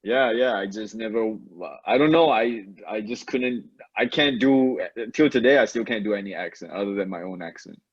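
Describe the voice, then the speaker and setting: A man guest comedian in a casual interview chat, relaxed and hesitant, laughing often. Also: on the low side, moderate pace, few pauses, slightly rough. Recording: dull lo-fi sound.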